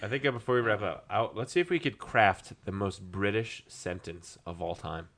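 A man's voice: lowish voice, moderate pace, slight background noise. A man joking crudely in a casual chat, steering the conversation. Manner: crude, joking, laughs loudly.

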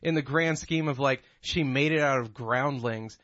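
Bright-voiced ranting man. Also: mid-range voice, moderate pace, dry recording, lo-fi sound. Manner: blunt, profane, ranting. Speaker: podcast co-host. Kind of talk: crude casual chat.

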